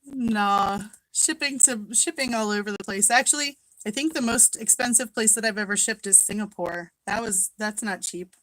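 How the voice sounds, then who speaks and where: A chatty woman from Minnesota hosts a relaxed livestream from home, greeting each viewer by name with easy laughter. Her voice is bright and forward, sitting at an ordinary middle pitch. The webcam sound is close and dry, with no room behind it. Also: normal speed, dry recording, low-quality recording. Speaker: craft seller hosting a live chat. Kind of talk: casual live-stream chat.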